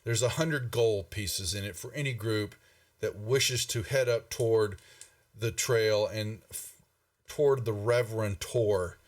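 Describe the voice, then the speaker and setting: A man's voice: on the low side, measured pace, far from the mic, natural voice. A man voicing a pompous, portly older male town master who blusters and brushes people off. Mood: haughty. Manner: blustering, dismissive.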